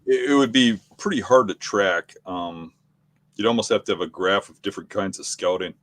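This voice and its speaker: A middle-aged man with a low, deep voice talks through his habits in an unhurried, matter-of-fact way. His delivery is plain and conversational. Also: fairly bright tone. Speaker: podcast co-host, hunting guest. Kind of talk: casual conversation.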